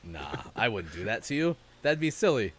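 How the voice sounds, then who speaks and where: Guy hosting a morning game stream, lowish voice that jumps all over, lots of uhs. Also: very animated, moderate pace, a little hiss or hum. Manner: upbeat, rambling, many fillers. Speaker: show host. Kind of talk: casual livestream chat while gaming.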